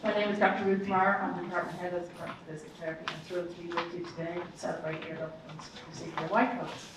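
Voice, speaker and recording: A woman department head giving a formal, measured welcome address at a ceremony. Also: on the low side, little pitch movement. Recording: echoey hall, distant mic, faint noise.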